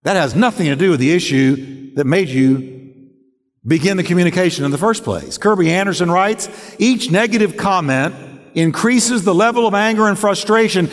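A man preaching a sermon as pastor, emphatic and dramatic, acting out examples as he goes. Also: high-pitched. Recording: long reverb of a large hall.

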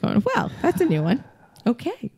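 A woman's voice: a little high, big pitch swings, normal speed, darkish tone, husky. A woman, a podcast guest and skydiving instructor, telling a story in casual chat and laughing often.

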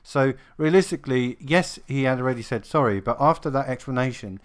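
Mid-pitched man co-hosting a casual chat. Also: brisk. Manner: agreeing, explanatory, casual swearing. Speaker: co-host.

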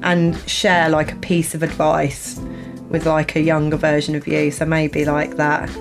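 A woman hosting a casual podcast conversation, animated and quick to laugh. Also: deep voice, music in the background. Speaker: podcast host.

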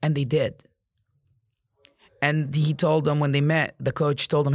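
A man's voice: fairly high pitch, level tone, a little slow, pauses often, no echo, studio quality. A man in real estate giving an intense, profane motivational monologue, repeating himself for emphasis.

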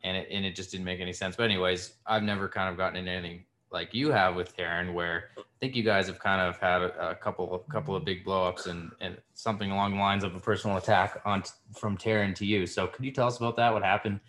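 A man hosting a podcast, asking probing questions and thinking out loud in casual chat. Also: deep voice, fairly even intonation, quick pace, few pauses. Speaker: podcast host.

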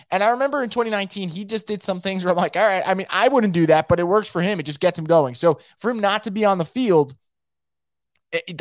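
A man's voice: high voice, no room sound, studio quality. A man hosting a solo sports podcast, talking in an opinionated, emphatic, rambling way. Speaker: podcast host.

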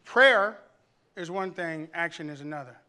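A man's voice: high voice, fairly quick, bright, forceful tone. A man preaching a sermon to a congregation, building intensity with repeated phrases and folksy storytelling. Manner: preaching with rising intensity and repetition; tells humorous family anecdotes to the congregation. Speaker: pastor.

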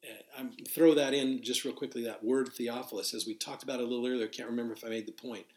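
A man's voice: medium pitch, fairly even intonation, fast talker, a little mellow, reverberant. Man teaching Scripture, conversational and earnest. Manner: conversational, restarts and fillers, spells out Greek words. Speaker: pastor. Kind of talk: verse-by-verse Bible teaching. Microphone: live broadcast to listeners.

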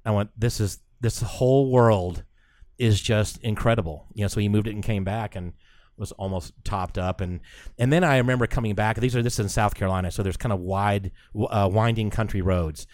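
Podcast co-host, male, lowish voice, excitable storyteller, dry close sound. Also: a little fast, no echo. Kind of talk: casual storytelling chat.

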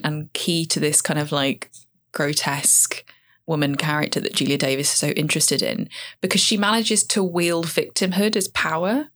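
A woman's voice: sits low, fairly bright tone. A woman guest on a podcast, a comedian, talking enthusiastically and thoughtfully about a comedy show. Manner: enthusiastic, analytical. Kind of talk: casual podcast chat.

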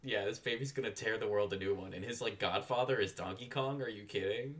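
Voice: medium pitch, a little fast. A young adult co-hosting a casual podcast, recapping a drama with playful jokes and frequent laughter. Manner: playful, jokey, laughs a lot. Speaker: podcast co-host.

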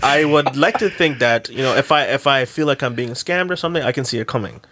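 A man's voice: mid-range voice, fast talker, a bit bright. A young man casually telling a long story to friends on a podcast, rambling in slang with restarts.

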